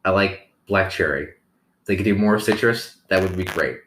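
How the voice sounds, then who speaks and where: A man co-hosting a casual couch podcast, relaxed with dry, sarcastic humor. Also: deep voice, normal speed, slight background noise, low-quality recording. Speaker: podcast co-host. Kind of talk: casual chat. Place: living room couch.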